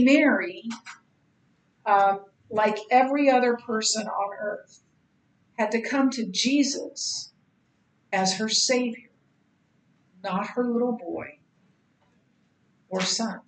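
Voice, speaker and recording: A middle-aged woman teaching a Bible study lecture, halting often with ums and restarts. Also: medium pitch, roomy sound, rough recording. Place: church classroom.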